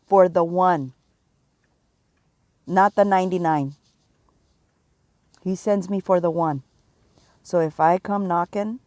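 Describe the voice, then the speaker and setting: A middle-aged woman giving a prophetic warning, stern and emphatic, pressing her points with slow repetition. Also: low voice, mellow, no room sound. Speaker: self-described prophet.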